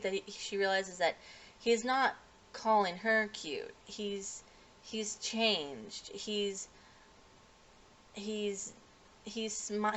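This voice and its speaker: A woman with a somewhat low voice walks through an episode in a casual recap. She rambles, piling up fillers and self-corrections as she goes. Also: a bit bright, slight background noise. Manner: rambling, lots of fillers and restarts; acts out characters' lines in livelier voices. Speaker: anime reviewer.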